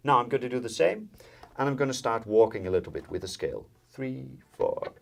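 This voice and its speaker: Very animated and fast, a man from the Netherlands with a creaky, medium-pitched voice teaches jazz violin. He explains step by step with frequent fillers and counting in, and violin and guitar playing fill the background.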